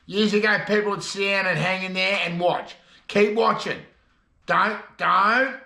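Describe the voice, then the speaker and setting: Gravelly Australian bloke telling jokes. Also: male voice, high-pitched, fairly even intonation, a little slow, bright, forceful tone, echoey room. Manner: rambling, chatty joke delivery. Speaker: comedy vlogger. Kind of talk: casual joke telling to camera. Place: shed.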